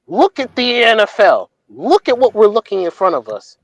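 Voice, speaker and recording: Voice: mid-range voice, very animated, normal speed, dry recording, muffled recording. A podcast panelist arguing sports picks and challenging the others. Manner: argumentative, challenging. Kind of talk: casual sports debate.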